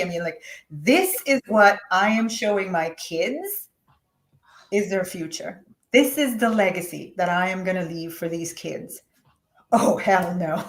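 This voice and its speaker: A middle-aged woman guest telling her personal story candidly, acting out what she once said to herself. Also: mid-range voice. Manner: candid and animated, acts out her own past words. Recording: roomy echo.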